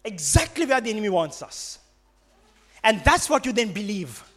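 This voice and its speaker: A man with a Sri Lankan accent delivers a sermon in a notably high voice for a man. He presses his points hard and repeats them, slipping into Sinhala now and then. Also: very animated, normal speed, a bit bright. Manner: emphatic and repetitive, switching between English and Sinhala. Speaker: preacher.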